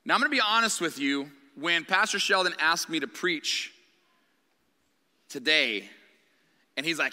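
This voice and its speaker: A man's voice: on the high side, animated, normal speed, long pauses, bright, forceful tone. A man preaching a sermon in a candid, conversational way. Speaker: guest preacher. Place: church sanctuary. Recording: long reverb of a church hall.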